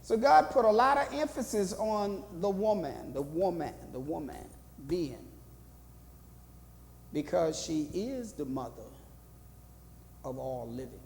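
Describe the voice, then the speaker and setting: Pastor guy teaching bible study, high gravelly voice, dark tone, keeps repeating lines and quizzing the room. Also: lively intonation, slow pace, long pauses, in a large hall, a little hiss or hum. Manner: preaching cadence, repeats phrases, asks the room questions. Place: church hall.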